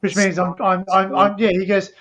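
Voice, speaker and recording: A man's voice: high voice, completely flat delivery, normal speed, fairly bright tone. A man hosting a casual live stream, rambling through stories and laughing often. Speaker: stream host. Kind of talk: casual chat.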